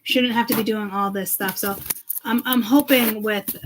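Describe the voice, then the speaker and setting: A woman's voice: mid-range voice, steady tone, normal speed, background noise. A woman speaking to her viewers in a loose, rambling monologue, agitated and swearing freely. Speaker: self-described seeress.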